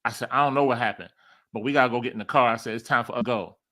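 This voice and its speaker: Guy spinning a story, bright voice, acts out everyone's lines. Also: mid-range voice, very fast. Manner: animated, acts out quoted dialogue, laughs often. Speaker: guest. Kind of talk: storytelling in a podcast interview.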